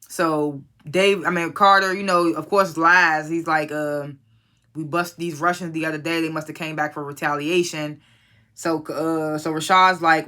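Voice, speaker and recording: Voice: medium pitch, little pitch movement, moderate pace, bright, forceful tone, clean tone. A casual TV episode reviewer recapping scenes bluntly and profanely, quoting the characters loosely and offering strong opinions.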